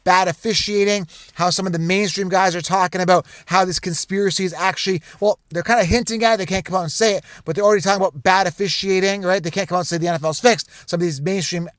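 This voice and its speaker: A man hosting a sports channel, talking straight to camera in an animated, conspiratorial rant full of repeated asides. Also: high-pitched, fast talker, hardly any pauses, no room sound. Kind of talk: casual direct-to-camera rant.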